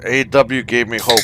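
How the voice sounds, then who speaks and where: A man's voice: mid-range voice, heavy background noise. A man hosting a casual online gaming chat, ranting with heavy profanity. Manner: profane, ranting about wrestling. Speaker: podcast host.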